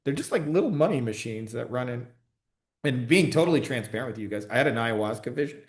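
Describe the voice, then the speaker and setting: A man with a medium-pitched voice and lively intonation talks fast. He coaches online business and is chatting casually and profanely on a livestream, answering comments and using lots of "like" fillers. The recording has a roomy echo.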